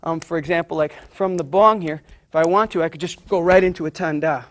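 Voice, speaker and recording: A man's voice: fairly high pitch, steady tone, brisk. A man teaching martial arts, casually explaining drills while demonstrating them.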